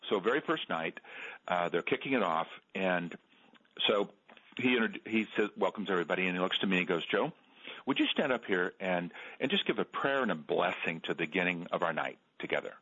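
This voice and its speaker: A middle-aged man, an author guest on a radio interview, telling stories in an earnest, halting way and repeating words. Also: low voice, animated, bright, forceful tone, husky. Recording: dull lo-fi radio sound.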